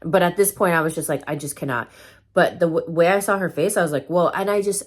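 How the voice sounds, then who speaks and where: A woman's voice: lowish voice, fast. A woman vlogger telling a story time in casual chat, full of fillers and loose swearing.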